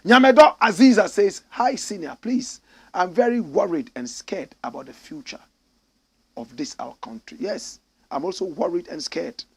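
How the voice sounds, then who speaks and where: Ghanaian man, middle-aged show host, gravelly, husky, slightly raised pitch, impassioned. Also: animated, moderate pace. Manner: impassioned, swings between loud declarations and sighing asides. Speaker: show host reading viewer comments. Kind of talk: live commentary show.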